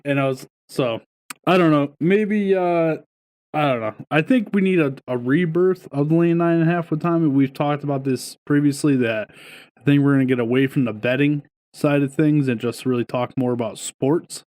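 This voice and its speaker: A man's voice: on the high side, moderate pace, a little mellow, dry recording. A man co-hosting a podcast, talking sports casually from home, swearing freely and telling stories. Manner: swears freely, tells stories with quoted voices. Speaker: podcast co-host. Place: home, streaming over wifi.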